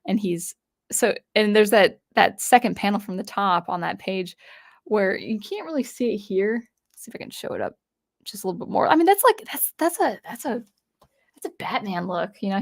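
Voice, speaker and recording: A woman giving a casual, rambling spoken review of comic books, talking animatedly while flipping through pages. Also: mid-range voice.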